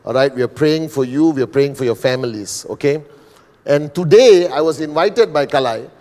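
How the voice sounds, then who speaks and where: A middle-aged man from Malaysia giving a motivational business presentation, speaking slowly and deliberately with frequent "all right" and "okay". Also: a little high, a little mellow. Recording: long hall reverb.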